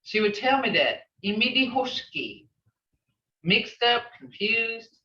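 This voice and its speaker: A woman's voice: a little high, big pitch swings, slow, sharp tone. An older woman teaching a language class who tells stories and uses many "you know" fillers. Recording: echoey, distant, dull recording.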